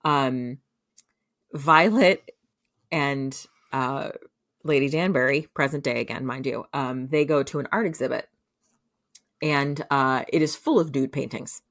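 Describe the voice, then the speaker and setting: A woman's voice: rumbling low, unhurried, long pauses, fairly bright tone, dry recording, studio quality. A woman casually retelling a show's plot on a podcast, rambling with lots of filler words. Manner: rambling, filler-heavy, laughs through the telling. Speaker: podcast co-host recapping a show. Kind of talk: casual storytelling recap.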